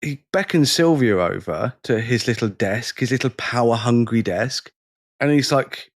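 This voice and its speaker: Man, podcast co-host, animated storyteller, does little voices, mid-pitched, casual chat. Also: normal speed, no room sound. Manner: animated storyteller, acts out the people in his stories.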